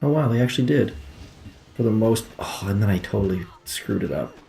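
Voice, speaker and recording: A man's voice: lowish voice, expressive, brisk, gravelly, dark tone, faint music behind. A young man giving casual gameplay commentary from home, muttering frustrated, self-deprecating remarks as he plays. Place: home room.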